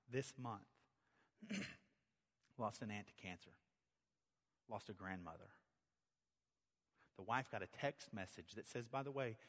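A middle-aged man preaching a sermon as pastor, talking conversationally and telling stories, then rising to emphatic peaks. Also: lowish voice. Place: church sanctuary. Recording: long hall reverb.

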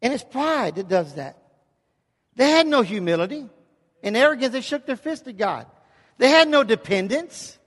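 A man's voice: extremely high pitch, big pitch swings, moderate pace, fairly bright tone, in a large hall. A pastor preaching an emphatic sermon in a church, often checking in with his congregation.

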